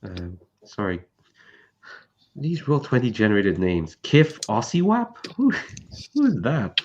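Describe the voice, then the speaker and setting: A man with a lowish voice that swings up and down as he chats, running a tabletop game. He laughs easily and tells lively little stories. The sound is dull and lo-fi, like an online call. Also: slow, a little hiss or hum. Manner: animated, laughing storyteller. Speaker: game master. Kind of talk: casual chat at a tabletop game.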